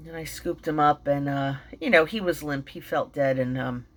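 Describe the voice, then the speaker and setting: A middle-aged woman telling an emotional personal story, halting, with many fillers and restarts, and sounding tearful and shaken. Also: sits low. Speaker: vlogger and mindfulness teacher.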